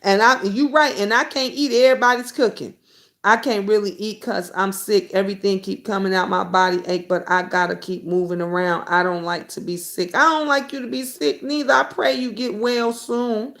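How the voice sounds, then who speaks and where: A middle-aged woman with a mid-range voice hosts a YouTube talk show live stream at a moderate pace. She's blunt and outspoken, swearing freely as she reads viewer comments aloud. Animated, she hops between comments and stories.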